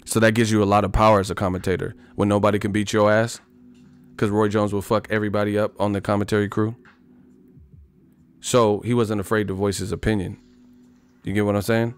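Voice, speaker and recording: A man's voice: fairly low pitch, flat delivery, brisk, long pauses, clear, resonant tone. A man hosting a livestream, rambling profanely about boxing in casual talk, often laughing. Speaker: livestream host.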